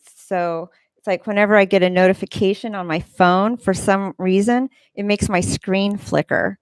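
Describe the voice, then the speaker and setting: A woman talks casually on her own livestream, reading chat aloud and wandering from one aside to the next. Her voice sits at a middle pitch. She is recorded on a close desk mic in a dry home room. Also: fairly even intonation, moderate pace, clear, resonant tone, dry recording. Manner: rambling, reads chat comments aloud. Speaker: livestream host. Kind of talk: casual live-stream chat. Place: home room with a fan running. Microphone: desk microphone.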